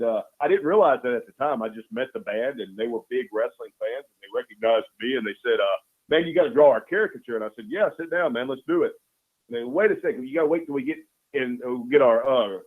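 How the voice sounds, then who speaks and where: A man's voice: mid-range voice, a little fast. A man calling in as a guest, talking in an easygoing, earnest way, often saying "man". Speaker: guest, caricature artist. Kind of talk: casual chat. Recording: tinny phone line.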